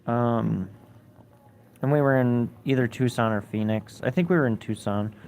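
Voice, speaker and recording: A man's voice: mid-range voice, normal speed, a little mellow. A man livestreaming, telling a story in casual chat and reading viewer comments, blunt and swearing a lot. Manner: blunt, heavy swearing, rambling.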